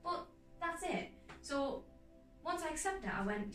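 Animated North East English actress, higher voice. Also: female voice. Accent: North East England. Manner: animated, emphatic, quick restarts. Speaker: actress, guest. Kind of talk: casual interview chat. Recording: echoey room, mic at a distance, faint music.

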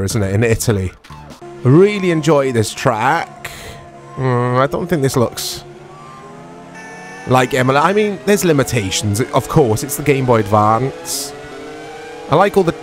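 Chatty man rambling over gameplay. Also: mid-range voice. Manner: rambling, self-deprecating, full of tag questions. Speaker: retro game reviewer. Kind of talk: casual gameplay commentary. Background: background music.

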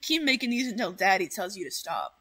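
A woman streamer chatting casually, excitable and full of swearing as she rambles. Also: medium pitch, brisk. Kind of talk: casual livestream chat.

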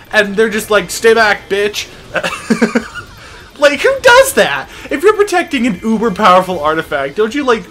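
A gameplay commentator talking casually over a video game, excitable and sarcastic, often breaking into laughter. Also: medium pitch. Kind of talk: casual let's-play commentary.

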